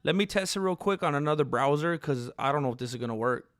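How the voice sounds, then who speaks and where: A man with a rather high voice hosts a casual livestream. He rambles conversationally and answers his chat. The sound is dry, with no room echo. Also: animated, fast talker, fairly bright tone. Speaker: livestream host.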